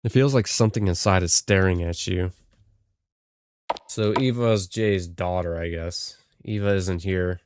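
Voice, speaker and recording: A man's voice: sits low, a little slow, darkish tone, clean tone, dry recording. A man playing a horror game, reading the text aloud with hesitant muttered asides. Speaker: game streamer.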